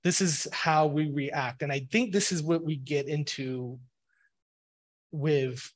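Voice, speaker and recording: A man's voice: fairly high pitch, slow pace. A man giving a casual, rambling explanatory talk on religion, full of "you know" and "like" fillers. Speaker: speaker on a religious podcast.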